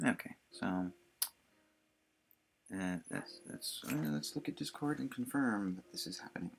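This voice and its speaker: A man's voice: medium pitch, lively intonation, a little slow, vocal fry, breathy edge. A man streaming live, muttering casually to himself while testing computer voices.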